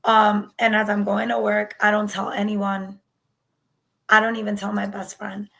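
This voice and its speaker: A woman's voice: medium pitch, completely flat delivery, unhurried, gravelly, a bit bright, poor audio. A woman, speaking candidly as an interview guest recounting her own experience and acting out past conversations. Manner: candid, acts out past dialogue. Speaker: guest sharing her story. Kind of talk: personal storytelling.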